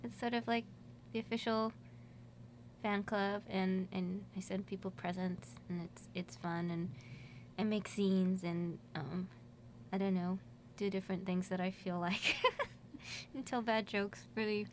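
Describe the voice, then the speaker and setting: A woman's voice: medium pitch, steady tone, unhurried, slight background noise. A woman guest in a college radio studio, chatting casually in a rambling way and laughing often. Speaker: musician guest. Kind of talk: casual radio interview chat.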